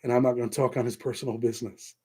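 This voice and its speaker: A man's voice: medium pitch, flat delivery, rapid-fire, dark tone, breathy edge. A middle-aged man from New York with a Southern-tinged American accent, hosting a casual livestream and chatting loosely with viewers, thanking them by name. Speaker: host.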